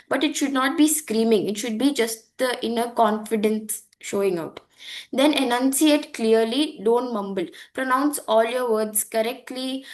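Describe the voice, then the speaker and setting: Young woman instructor, slightly high voice, chatty online poetry class delivery with fillers. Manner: conversational, many fillers and restarts. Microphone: online call microphone.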